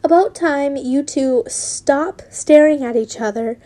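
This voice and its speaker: A woman's voice: high voice, slow, warm tone. A woman voicing a stern but approving wizard school teacher in a fan fiction reading, with a dry, scolding tone. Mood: teasing.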